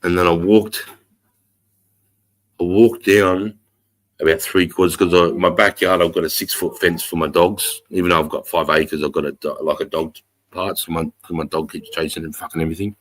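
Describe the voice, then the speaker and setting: A middle-aged Australian man with a very low voice tells a long story on his livestream. He rambles, swears freely and gets animated as he relives it. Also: normal speed. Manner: rambling, profane, animated retelling. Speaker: livestream host.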